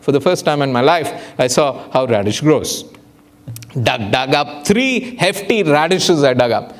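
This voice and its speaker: Animated man giving a lecture. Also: a little slow. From India. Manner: animated storyteller, acts out dialogue with big pitch jumps. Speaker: guest lecturer. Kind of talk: public lecture with anecdotes. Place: lecture hall.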